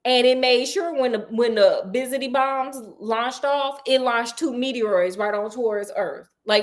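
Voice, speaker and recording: A woman casually recapping a horror novel, animated and playful, acting out characters' lines in quick asides. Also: on the high side. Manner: playful and sassy. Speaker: book recap host. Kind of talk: casual book recap storytelling.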